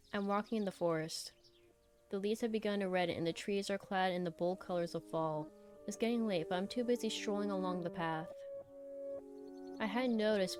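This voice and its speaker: A woman streamer reads a visual novel aloud. Her middle-pitched voice moves from steady narration into blunt, animated asides, with soft game music running faintly underneath. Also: clear, resonant tone. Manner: animated, blunt outbursts between calm reading. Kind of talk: reading a visual novel aloud with live reactions.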